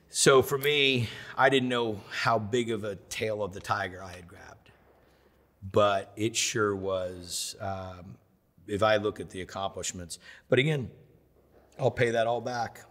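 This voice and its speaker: A man in his fifties from the United States, telling stories in a lively sit-down interview and acting out the quotes. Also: fairly low pitch, big-room sound. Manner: animated storyteller who acts out quotes. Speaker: interview guest, chef.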